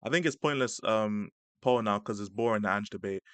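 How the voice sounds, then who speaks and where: A man's voice: fairly low pitch, a little fast, fairly bright tone, dry recording. A young man hosting a casual live-stream reaction, chatting in slang and laughing often. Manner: laid-back slang-heavy chat, laughing often. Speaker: stream host reacting to a clip.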